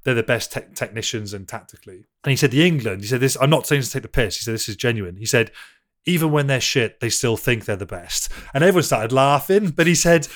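A man in his thirties chats as a podcast guest and tells stories at an even, mid-range pitch. He talks in an animated way, drops swear words freely and often laughs through his lines. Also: fast. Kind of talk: casual anecdotal storytelling.

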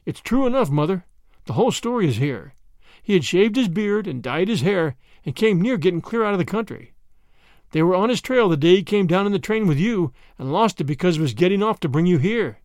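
A man voicing a serious, respectful middle-aged son who speaks quietly and evenly. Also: sits high, lively intonation, fairly quick, dry recording, studio quality. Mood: grave.

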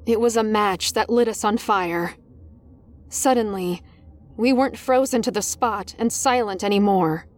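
A woman's voice: medium pitch, unhurried. A woman narrating a first-person horror story in a tense, dramatic manner. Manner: tense, dramatic, rising in panic.

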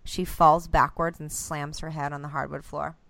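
A woman co-hosting a casual podcast, telling a story with animated, acted-out voices and casual swearing. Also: sits low, normal speed, creaky. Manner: swears freely. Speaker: podcast co-host. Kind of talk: casual chat among friends, storytelling.

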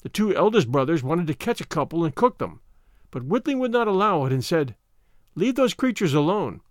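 Storyteller, male, measured expressive delivery, dry close sound. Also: fairly high pitch, no echo. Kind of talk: fairy tale reading.

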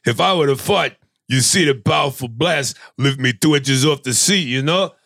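A man putting on a gruff, mumbling tough-guy action hero, slurring his words. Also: medium pitch, normal speed, pushed and bright, no echo, clean studio sound. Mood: boastful.

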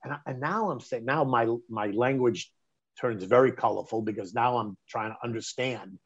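A middle-aged man, telling a personal story in conversation, animated and emphatic, often restarting mid-phrase. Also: medium pitch, normal speed, husky. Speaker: interview guest recounting a personal story. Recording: dull lo-fi sound.

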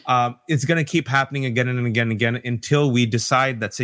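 A man speaking as a guest on a political podcast panel, emphatic and animated, talking in quick bursts and mimicking people as he argues. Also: medium pitch. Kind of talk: impassioned political podcast discussion.

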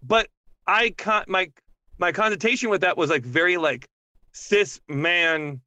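Woman, podcast guest, animated, joking, swears a lot, bright forceful voice, dry close sound. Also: lowish voice, a little slow, no echo. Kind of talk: casual podcast chat.

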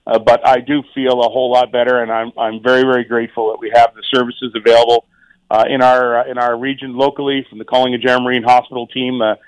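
A man's voice: medium pitch, flat delivery, smooth, no echo, low-quality recording. A middle-aged man, a township mayor, talks casually as a radio guest, often restarting and repeating words. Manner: halting, many repeated words and fillers.

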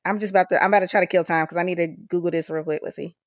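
A woman's voice: fairly low pitch, fairly even intonation, very fast, no echo, studio quality. A woman hosting an interview, teasing and eager, laughing often with her guest. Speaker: interviewer and host. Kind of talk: casual interview chat.

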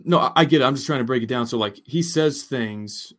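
Male sports-podcast co-host, mid pitch, measured, analytical questioner. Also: a bit bright. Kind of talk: casual sports chat.

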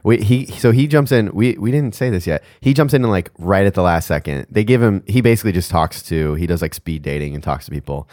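A man's voice: deep voice, expressive, brisk, few pauses, darkish tone, no room sound, studio quality. A man co-hosting a podcast, chatting animatedly about a show, laughing often and restarting his sentences. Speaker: podcast co-host. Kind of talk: casual recap chat.

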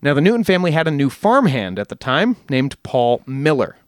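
A man's voice: a little high, very animated, a little fast, no echo, clean studio sound. A man hosting a podcast, telling a story in a casual, rambling way with jokey asides and frequent self-corrections. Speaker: podcast host.

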